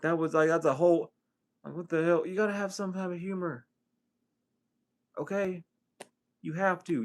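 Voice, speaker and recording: Guy doing a loose tarot reader vlog, cusses a lot, laughs between thoughts, swings from loud to hushed. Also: fairly high pitch. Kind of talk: casual spiritual vlog monologue.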